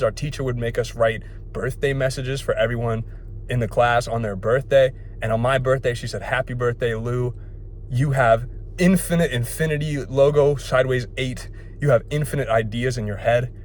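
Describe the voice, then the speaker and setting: A man's voice: medium pitch, slight background noise. Rambling jokey young man vlogging. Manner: rambling, jokey, self-deprecating. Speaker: fitness vlogger. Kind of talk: casual vlog talk. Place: at home.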